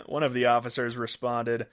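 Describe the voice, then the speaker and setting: A man hosts a podcast of odd news, talking casually through each story. He breaks into laughs at his own jokes, and his voice sits at an ordinary middle pitch. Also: fairly even intonation, measured pace, fairly bright tone. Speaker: podcast host.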